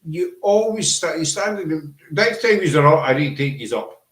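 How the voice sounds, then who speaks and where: A man's voice: a little high, lively intonation, normal speed, fairly bright tone. Rambling Scottish man hosting a chat. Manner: rambling, self-deprecating, restarts often. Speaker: podcast host. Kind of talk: casual chat. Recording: echoey room.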